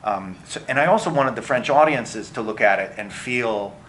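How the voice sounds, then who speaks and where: Middle-aged male director, bright tone, animated, rambling interview answers, faint background hum. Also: mid-range voice, moderate pace. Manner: animated, many fillers and restarts. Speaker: film director.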